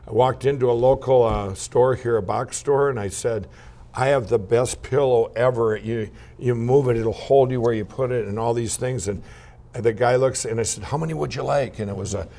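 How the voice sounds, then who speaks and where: A man from Minnesota, a guest in an interview, telling rambling, animated anecdotes full of restarts and laughs. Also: medium pitch, moderate pace, gravelly. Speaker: guest entrepreneur. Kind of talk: casual interview storytelling.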